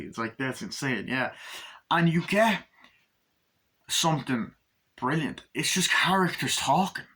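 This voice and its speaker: A man giving a casual, rambling movie review, swearing a lot and acting out bits of the scenes in quick mock voices. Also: fairly high pitch, animated, bright, forceful tone, breathy edge. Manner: loose, profane, quotes the scenes in mock voices.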